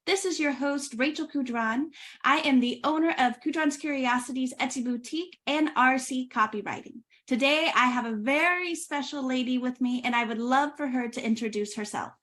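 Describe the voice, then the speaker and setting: High-voiced upbeat woman hosting a podcast. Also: normal speed. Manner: bright, upbeat greeting and scripted introductions. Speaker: podcast host.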